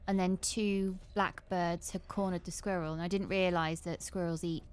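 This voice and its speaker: A woman's voice: on the low side, fairly even intonation, moderate pace, clean tone. Giggly woman with a Coventry accent. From Coventry, England. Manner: giggly, easygoing chatter. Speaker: stream co-host. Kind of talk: casual live-stream chat.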